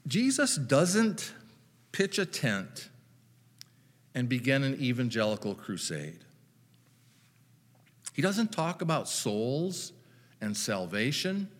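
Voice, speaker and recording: A man's voice: mid-range voice, sing-song, takes it slowly, long pauses, big-room sound. A man preaching a sermon as pastor, retelling scripture with wry, dry humor.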